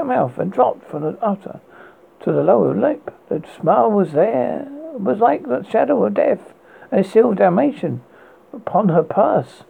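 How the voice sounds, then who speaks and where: British horror podcast guy reading a ghost story, really gravelly, tinny phone sound. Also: high voice. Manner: measured, slow narration with stumbles.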